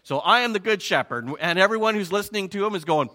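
A male pastor preaching a sermon in an animated way, acting out his listeners' reactions. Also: high-pitched, fast.

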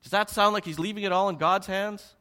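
A man preaching a sermon with animated emphasis, rhetorical questions and joking asides. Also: high voice, a little fast. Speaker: pastor.

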